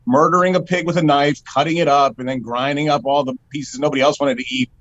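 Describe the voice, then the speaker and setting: A man's voice: a little high, fairly even intonation, quick pace, fairly bright tone, dry recording. Sarcastic guy bringing the stories, dull lo-fi audio, swears a lot. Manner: sardonic, swears casually. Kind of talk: casual chat.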